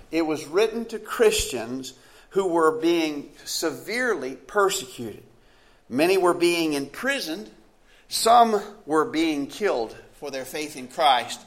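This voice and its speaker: With a fairly high-pitched voice, a man preaches a sermon like he's telling a story in conversation, posing questions to the listeners and restarting phrases along the way.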